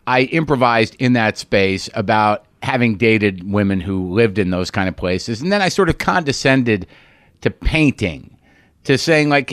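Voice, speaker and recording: A man's voice: lowish voice, unhurried, fairly bright tone, dry recording, studio quality. A middle-aged man hosting a podcast, telling stories in a rambling, candid, profane and self-mocking monologue. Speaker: podcast host. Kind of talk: monologue storytelling.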